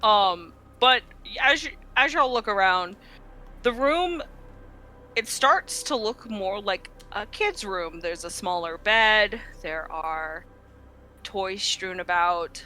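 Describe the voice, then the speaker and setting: A woman's voice: medium pitch, lively intonation, takes it slowly, bright, forceful tone. A woman narrating as game master, describing scenes with frequent ums and restarts.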